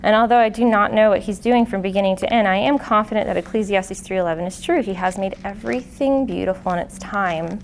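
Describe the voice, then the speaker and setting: This medium-pitched woman talks fast, hardly pausing, as she gives a testimony teaching to a live church audience. A lay speaker in her late twenties, she's earnest and conversational with many fillers and restarts; there's slight background noise on the handheld or stand mic.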